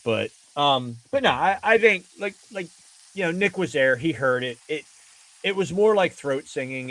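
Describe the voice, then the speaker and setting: A man's voice: fairly high pitch, expressive, normal speed, a bit bright. A man in a casual podcast chat, telling a long anecdote with frequent restarts and fillers.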